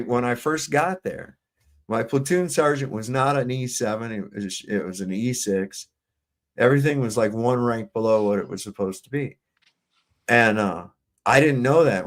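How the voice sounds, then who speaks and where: A man in a casual panel chat, telling army stories in a rambling, profane way with frequent restarts. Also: mid-range voice.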